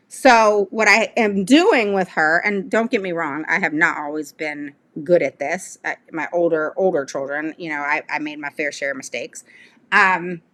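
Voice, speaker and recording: A middle-aged woman with a bright, forward voice talks parents through advice in a casual, chatty way. She keeps checking in with her listeners, tossing in "all right?" as she goes. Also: medium pitch. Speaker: parent advocate.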